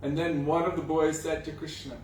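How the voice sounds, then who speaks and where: Man telling a devotional story, kinda high voice, echoey room, mic a ways off. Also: fairly quick, a little hiss or hum. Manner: animated storyteller, acting out voices. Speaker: spiritual teacher. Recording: roomy echo, distant mic, faint ambience.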